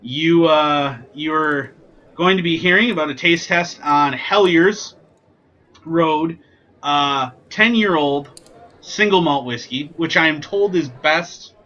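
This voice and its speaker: A man's voice: a little high, sharp tone, dull audio. A man hosting a casual whiskey tasting vlog, chatty and joking with lots of ums and asides. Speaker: whiskey reviewer, channel host.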